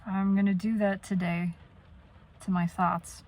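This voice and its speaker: A woman's voice: mid-range voice, flat delivery, measured pace, a little mellow, low-quality recording. A woman venting in a personal monologue, blunt and profane, often trailing off and restarting. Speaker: vlogger.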